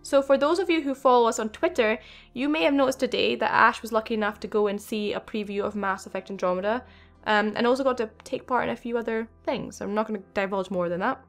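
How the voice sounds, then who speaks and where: Excited young woman gaming vlogger. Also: on the high side, quick pace, soft background music. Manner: excited, rambling, with fillers. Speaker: gaming channel host. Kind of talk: casual video game commentary.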